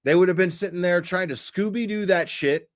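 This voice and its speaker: A man's voice: sits high, brisk. A man ranting in casual commentary on a stream, swearing a lot and acting out the people he talks about. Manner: profane, animated, acts out quoted people.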